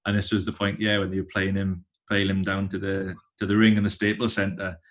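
A man in his thirties with a lowish voice chats casually as a guest. He rambles and repeats himself, circling back through his stories. The delivery is relaxed and conversational. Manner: rambling, halting, many restarts. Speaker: touring musician, guest.

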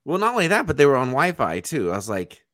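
A man's voice: mid-range voice, huge pitch swings, fast talker, a bit bright, dry recording, studio quality. A man co-hosting a podcast, telling rambling, laid-back stories in casual chat. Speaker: podcast co-host.

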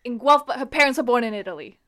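A woman's voice: fairly high pitch, animated, quick pace, sharp tone. A young woman co-hosting a casual book podcast, teasing and giggly, slipping into silly voices. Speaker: podcast co-host. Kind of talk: casual book-club chat.

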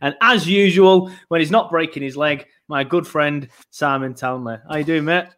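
A man's voice: a little high, normal speed, a bit bright. A man hosting a football podcast, talking casually and rambling with plenty of fillers. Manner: chatty, rambling, lots of fillers. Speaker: podcast host.

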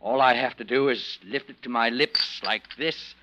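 A man's voice: mid-range voice, normal speed, pushed and bright, close to an everyday voice. An actor playing a bitter, sardonic husband who taunts his wife, in 1940s radio acting. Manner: cold, mocking, theatrical. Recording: dull old radio recording.

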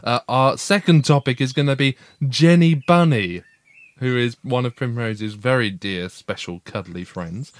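A man's voice: medium pitch, unhurried, no room sound. A man co-hosting a casual family podcast with his young daughter, playful and teasing, with frequent "uh"s and restarts.

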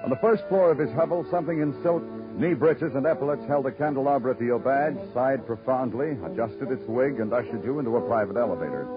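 A man's voice: mid-range voice, quick pace, few pauses, lo-fi sound, natural voice. A man playing a dry, sardonic detective. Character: weary wisecracking male police detective. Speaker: narrator. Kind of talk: 1950s radio drama narration. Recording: old radio recording with music.

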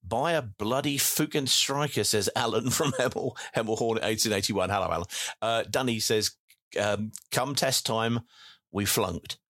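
Male host, lowish voice, dry close mic, rambling chat with many ums and restarts. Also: normal speed, a bit bright, dry recording. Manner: reads comments aloud with many fillers and restarts. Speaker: podcast host reading listener messages. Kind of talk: casual post-match chat.

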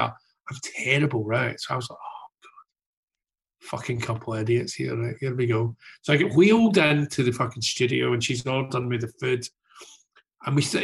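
A man spins a rambling anecdote, swearing freely and checking in with his listener. His voice has a gravelly fry to it, and his pitch sits in the middle. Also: fairly bright tone. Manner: swears freely, rambling with many "right?" tags. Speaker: guest storyteller. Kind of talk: casual anecdote.

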